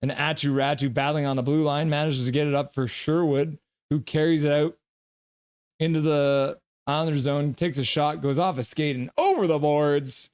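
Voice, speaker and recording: A young man on a live stream, calling hockey play and reading chat aloud with excitable, goofy delivery. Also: on the high side, moderate pace, clear, resonant tone.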